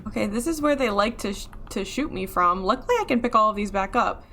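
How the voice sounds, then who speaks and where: Excitable woman yelling at a video game. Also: medium pitch, quick pace, slight background noise. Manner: excitable, yells and swears at enemies; talks to herself and her chat. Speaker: streamer. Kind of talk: live gameplay commentary.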